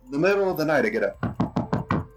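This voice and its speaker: Young guy, husky, lively storyteller, faint music in the back. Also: on the high side, normal speed. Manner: animated storyteller, laughs often, acts out quotes. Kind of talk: casual storytelling chat.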